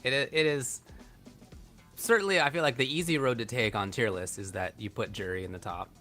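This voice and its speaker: A male commentator on a fighting game stream with a bright, forward voice. He talks in a loose, joking way between matches. Faint music sits underneath. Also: medium pitch, a little fast. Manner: joking, chatty, drives donation segments. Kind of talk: esports commentary.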